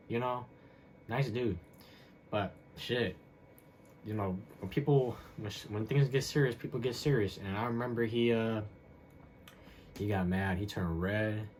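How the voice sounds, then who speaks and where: A young man with a lowish voice talks through a personal story on his own podcast. He wanders from point to point and leans on fillers and slang as he goes. A faint hum sits under his voice. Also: darkish tone. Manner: rambling, loose, with many fillers and slang. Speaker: podcast host. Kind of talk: casual solo storytelling monologue.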